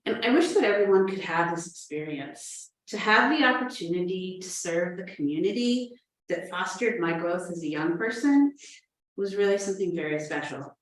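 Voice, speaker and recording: A woman's voice: medium pitch, far from the mic. A woman from New Hampshire, giving an earnest conference talk as a librarian, telling stories with playful asides. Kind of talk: prepared conference presentation. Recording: roomy, echoey from off the mic.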